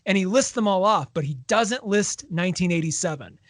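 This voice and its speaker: A man with a notably high speaking voice co-hosts a casual book-club podcast. He retells scenes with energy, slipping into quoted dialogue. The sound is dry and close, with no room around it. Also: fairly quick, no room sound. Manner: animated retelling, acts out quoted lines. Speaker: podcast co-host.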